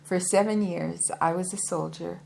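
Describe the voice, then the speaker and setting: A woman's voice: lowish voice, fairly even intonation, moderate pace, gravelly, darkish tone, slight background noise. A woman reading a proud, formal yogi man. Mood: earnest. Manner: formal and polite, calls listener sir. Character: proud hefty male Indian yogi, ex-soldier.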